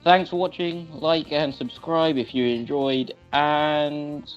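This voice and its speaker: A man co-hosting a podcast, giving a relaxed, offhand outro in casual chat. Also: fairly high pitch, takes it slowly, muffled recording, soft background music. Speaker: podcast co-host.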